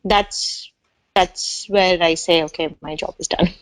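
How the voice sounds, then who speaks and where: A woman agile coach explaining her ideas in a casual panel discussion, pausing with fillers and clearing her throat. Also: fairly low pitch, steady tone, no room sound, poor audio.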